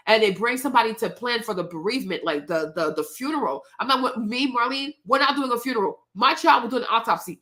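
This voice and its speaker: Outspoken lady ranting to her viewers, kinda high voice, fired up and blunt. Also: lively intonation, fast, few pauses, fairly bright tone. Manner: outspoken, indignant, talks straight to her audience. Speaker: host. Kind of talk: casual commentary to viewers.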